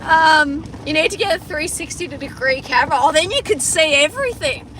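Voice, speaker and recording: With a high voice and lively intonation at normal speed, a young Australian woman livestreams from inside a car on a farm using her phone's front camera. She chats casually with viewers, swears often and keeps restarting sentences, and background noise is present.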